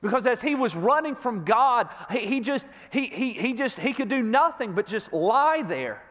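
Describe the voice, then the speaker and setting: A man's voice: very high-pitched, big pitch swings, moderate pace, a bit bright. A man preaching a sermon as a pastor, telling the story with emphasis and stumbling over repeated restarts. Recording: long reverb of a large hall.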